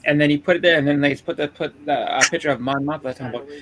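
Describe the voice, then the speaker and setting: A man hosting a comic book podcast in casual chat, telling stories quickly, laughing often and repeating words. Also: fairly high pitch, a loud crowd.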